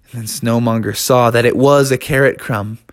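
A man's voice: mid-range voice, fairly even intonation, normal speed. A man narrating an improvised children's story in a playful, sing-song way.

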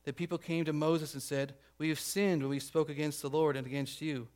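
A pastor preaching a conversational sermon, checking in with the congregation and acting out the grumbling crowd. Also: male voice, a little high, fairly even intonation, fairly quick, darkish tone. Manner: acts out grumbling crowd voices.

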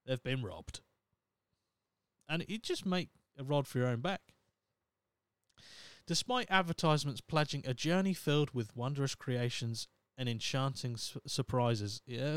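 A young man with a medium-pitched, clear and resonant voice hosts a podcast on a dry recording. He reads out news stories, adding sarcastic, sweary comic asides in casual comedic commentary.

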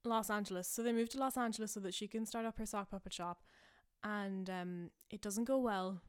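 A woman's voice: medium pitch, steady tone, brisk. A young woman hosting a podcast, rambling casually through a made-up story, full of fillers and self-amused asides. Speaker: podcast host.

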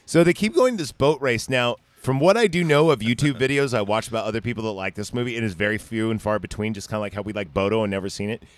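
A man co-hosting a podcast, retelling a movie scene by scene in crude, casual chat and slipping into quick voices for the characters. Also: on the low side, dry recording. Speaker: podcast co-host.

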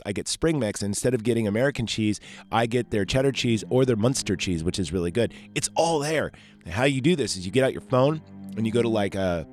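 Low-voiced guy rambling about a movie, swears a lot, loses his train of thought, faint music behind. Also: a little mellow. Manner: rambling, profane, self-interrupting. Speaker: podcast host. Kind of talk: casual rambling movie talk.

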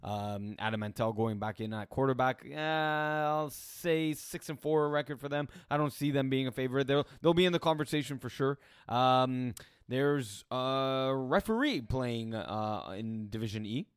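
A man co-hosting a casual sports podcast, animated and telling stories with lively quoted bits. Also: medium pitch, a little slow, clean tone, no echo, clean studio sound. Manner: animated storyteller, quotes others in lively bursts. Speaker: co-host.

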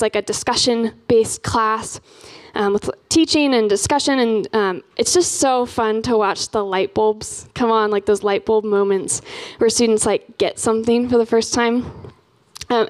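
A young woman, a campus missionary, giving a casual church talk in a chatty way with many filler words. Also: fairly high pitch.

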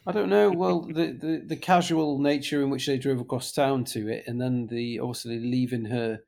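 Gravelly man giving earnest opinions. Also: medium pitch, fairly even intonation, normal speed, a little mellow. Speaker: podcast panelist. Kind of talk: casual film-panel chat.

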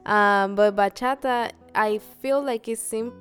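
A woman co-hosting a casual podcast chat, relaxed and quick to laugh, with faint music behind. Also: mid-range voice, clear, resonant tone. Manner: relaxed, laughs easily, counts steps out. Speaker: podcast co-host. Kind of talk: casual chat about dancing.

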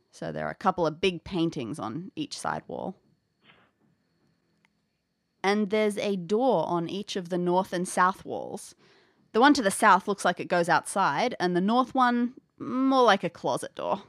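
A woman's voice: on the low side, lively intonation, a little slow, a bit bright, dry recording. Playful woman game master, dry close sound. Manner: playful, descriptive, chatty asides. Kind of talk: narrating an audio adventure game.

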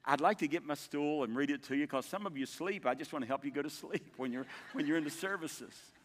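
An older man preaching a sermon as pastor, telling stories in a folksy way with dramatic pauses. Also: on the high side, big-room sound. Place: church sanctuary.

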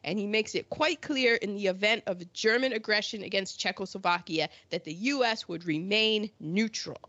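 A woman hosting a casual podcast chat on history, talking in an animated way and acting out countries in silly voices. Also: mid-range voice, normal speed, no echo. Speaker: podcast host. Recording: dull lo-fi sound.

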